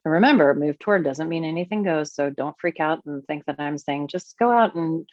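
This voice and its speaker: A woman speaking as a podcast guest and teacher, animated and expressive, her voice swinging widely in pitch as she explains her ideas. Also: a little fast, no echo, highs cut off. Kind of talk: conversational podcast interview.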